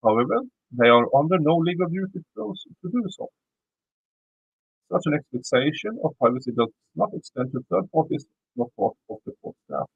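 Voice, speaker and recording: A man's voice: fairly high pitch, lively intonation, a little fast, gravelly, breathy edge, no echo, phone-quality sound. Swedish-accented man reading legal text. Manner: stumbling, repeats words while reading. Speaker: YouTube commentator. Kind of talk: reading a legal motion aloud with commentary.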